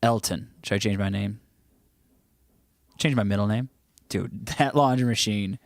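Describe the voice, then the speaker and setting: Hosting a casual livestream from home, an American man reads chat comments aloud in a playful, joking way and sometimes breaks into bits of song. His voice is on the low side, a little slow, with vocal fry. The recording is dry and clean, with studio sound.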